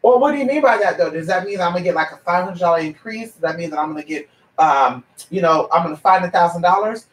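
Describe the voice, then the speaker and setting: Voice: mid-range voice, animated, fast, reverberant, distant mic, natural voice, rough recording. A psychic livestreamer voicing a woman client who rambles and asks vague, hesitant questions. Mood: pressing. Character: adult woman client seeking a psychic reading.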